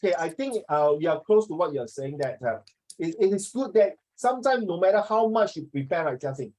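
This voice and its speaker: A man's voice: a little high, animated, fairly quick, a little mellow, rough recording. A man, tutoring a class in a chatty, teasing way and slipping into Mandarin now and then. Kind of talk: online class teaching.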